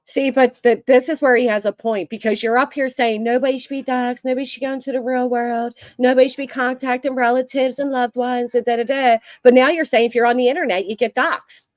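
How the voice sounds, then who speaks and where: Female commentator, measured and questioning, light high voice, dry close sound. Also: fairly even intonation, no echo. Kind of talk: commentary over a clip.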